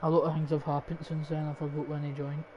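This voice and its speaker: A young adult Scottish man streams a football game, talking fast in a fairly high, flat, slightly mellow voice. He swears often and rambles through opinionated commentary. His lo-fi stream mic sounds dull, with a faint hiss.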